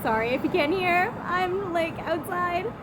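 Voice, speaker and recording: A woman's voice: very high voice, animated, measured pace. A young woman vlogging outdoors, telling a story in a chatty, giggly way with lots of "like". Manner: chatty, giggly, heavy use of "like". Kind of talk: casual storytelling vlog. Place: outdoors outside a brewery. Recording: noisy outdoor phone recording. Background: passing cars.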